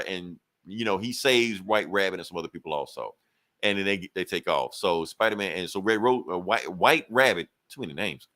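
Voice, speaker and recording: In a casual, foul-mouthed podcast conversation, a low-voiced male co-host retells a comic's plot, voicing characters' lines along the way. He sounds pushed and bright, keeping things unscripted and chatty.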